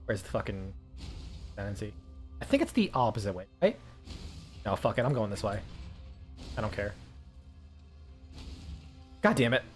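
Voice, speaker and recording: A man's voice: fairly low pitch, big pitch swings, moderate pace, long pauses, soft background music. A man casually commenting while playing a game on stream, rambling with lots of filler words and frequent swearing.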